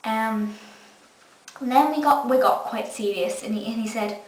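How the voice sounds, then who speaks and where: Speaking at a measured pace, this young woman from Scotland has a slightly high voice and enthuses warmly over an episode in a casual fan review. The recording has faint hiss, room echo, and a distant mic.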